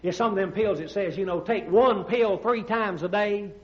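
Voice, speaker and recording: A man's voice: high voice, normal speed, lightly acted. A man voicing a nervous small-town country doctor, fussily repeating himself. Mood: coaxing. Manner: fussy, repeats himself to soothe. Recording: roomy, dull old comedy record.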